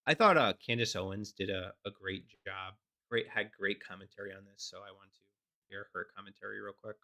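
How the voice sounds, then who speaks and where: A man's voice: on the low side, brisk, sharp tone. A man hosting a political commentary show, ranting sarcastically. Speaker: host.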